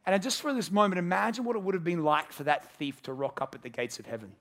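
A pastor preaches to his congregation in an earnest, storytelling way. His voice sits a little on the high side and he slips into the voices of the people in his story. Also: quick pace, a bit bright. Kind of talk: sermon. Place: church service with a congregation.

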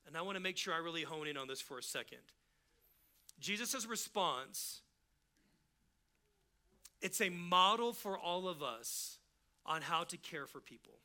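A man's voice: high voice, animated, normal speed, pushed and bright. A man preaching a sermon as pastor, in a casual, emphatic style, and he acts out the people he quotes.

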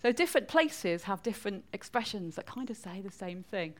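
Animated and brisk, this medium-pitched preacher speaks with a Mancunian accent from northwest England. She gives a conversational church talk and puts questions to the congregation.

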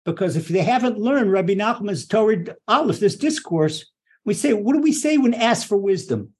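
A man with a somewhat high, husky voice teaches a religious lesson. He speaks with passion and energy, and he often repeats words and starts his sentences over. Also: normal speed. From Israel. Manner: impassioned, animated, repeats words and restarts. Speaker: rabbi teaching Torah.

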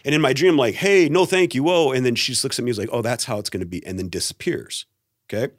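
Guesting on a podcast interview, this middle-aged pastor animatedly recounts a personal story and performs each quote. He speaks rapid-fire in a medium-pitched voice, captured in clean studio sound without echo.

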